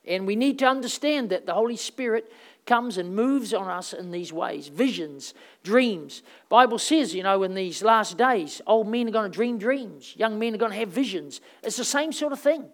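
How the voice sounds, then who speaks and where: A woman preacher telling stories through her sermon in a loose, rambling way. She talks casually, with plenty of fillers. Her voice swings from loud bursts down to quiet asides. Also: on the high side. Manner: conversational, rambling storytelling with fillers; animated, swings between loud and soft.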